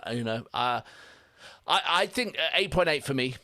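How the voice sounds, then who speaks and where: A man with an English accent co-hosting a music reaction show, chatting and joking in a casual, animated way. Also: mid-range voice, moderate pace. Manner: animated, self-deprecating, chatty. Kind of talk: casual banter.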